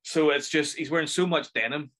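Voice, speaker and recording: A man's voice: fairly high pitch, brisk, fairly bright tone. A man with a Northern Irish accent hosting a casual film review podcast, chatty and enthusiastic as he rambles through his thoughts. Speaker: podcast host.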